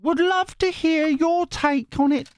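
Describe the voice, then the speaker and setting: Man putting on a cheery female fan, high falsetto, sing-song, dry close sound. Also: measured pace, dry recording. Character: chirpy female viewer, fan message.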